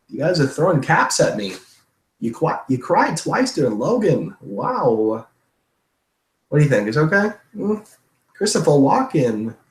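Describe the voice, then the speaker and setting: A man doing an impression of a famous film actor, with strange pauses and a drawn-out, wondering delivery. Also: fairly high pitch, a little mellow, roomy sound, pitched above the performer's own voice, rough recording.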